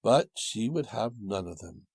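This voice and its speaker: A man reading a storybook tale aloud with a gentle, old-fashioned storytelling cadence and a husky voice. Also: lowish voice, lively intonation, a little slow, no room sound. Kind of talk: storybook narration.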